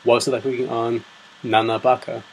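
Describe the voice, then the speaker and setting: A man's voice: mid-range voice, flat delivery, brisk, darkish tone, husky, rough recording. A man hosting an interview, asking short questions and encouraging his guest.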